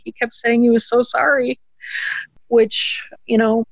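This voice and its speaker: Guest storyteller: woman, middle pitch, earnest and halting, dry and slightly muffled audio. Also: level tone, gravelly, no room sound. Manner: earnest, halting, many ums and restarts. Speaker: guest telling a personal story. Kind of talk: conversational storytelling.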